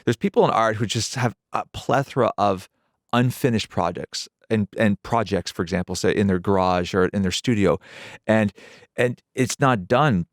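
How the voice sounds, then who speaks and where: Low-voiced, thoughtful middle-aged man. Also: moderate pace, no room sound, studio quality. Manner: thoughtful, repeats words, laughs easily. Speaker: guest, pop producer and pianist. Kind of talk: casual radio interview. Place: radio studio.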